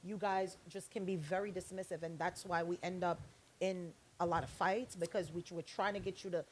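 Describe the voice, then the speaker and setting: A woman's voice: fairly low pitch, fairly even intonation, normal speed, darkish tone, slight background noise. A woman co-hosting a podcast, pressing her point with probing questions. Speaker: podcast co-host. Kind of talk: casual debate chat.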